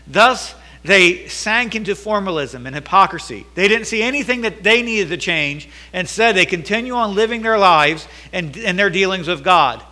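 A male preacher with a high-pitched voice delivers a sermon, acting out the words of scripture. He often repeats or restarts a phrase to press a point home. His tone is bright and forceful.

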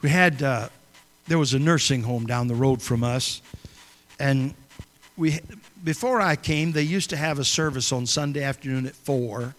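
A man's voice: medium pitch, moderate pace, fairly bright tone. A man preaching a sermon as a pastor, telling a story in a folksy, conversational way in a church sanctuary. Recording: long reverb of a church hall.

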